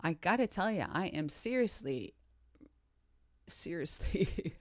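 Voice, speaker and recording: A woman's voice: mid-range voice, sing-song, takes it slowly, pauses often, slightly rough, dry recording, clean studio sound. A woman hosting a casual livestream chat, upbeat and greeting viewers by name with repeated catchphrases. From Canada. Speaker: livestream host.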